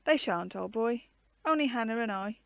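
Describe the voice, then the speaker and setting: A woman doing a gentle storybook mother, soothing yet firm with her children. Her voice sits fairly high, and the recording is close and dry. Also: expressive, moderate pace, vocal fry, dry recording. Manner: gentle, reassuring.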